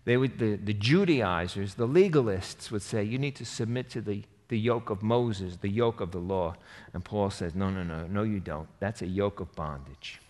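A man preaching a sermon, animated and emphatic, rising to forceful bursts. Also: lowish voice, normal speed. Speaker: pastor. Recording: reverberant hall.

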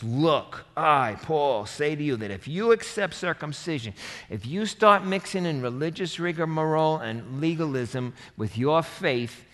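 A man preaching a sermon, animated and emphatic, rising to forceful bursts. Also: on the high side. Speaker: pastor. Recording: reverberant hall.

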